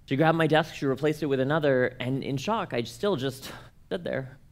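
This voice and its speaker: A man's voice: medium pitch, normal speed, vocal fry. A young man from Canada telling a personal story to an audience, acting out the voices of the people in it. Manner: animated, acts out quoted voices. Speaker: speaker at a church conference.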